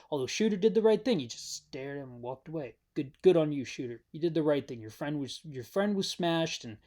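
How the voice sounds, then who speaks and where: A man's voice: on the high side, a little mellow. A man giving a casual, rambling spoken recap of a series, wry and talking straight to the viewer. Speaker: show recap host.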